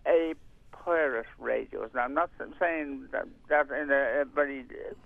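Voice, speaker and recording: A man's voice: medium pitch, steady tone, moderate pace, no room sound. An older man being interviewed on radio, talking in a rambling, hesitant way with many fillers and restarts. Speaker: community radio volunteer and presenter. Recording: tinny phone-line sound, dry.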